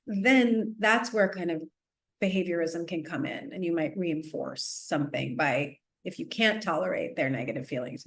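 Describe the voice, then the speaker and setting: A woman speaking as a parenting expert guest in a casual podcast interview, animated and chatty, with frequent restarts, fillers and little laughs. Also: on the low side, vocal fry. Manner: laughs often while explaining.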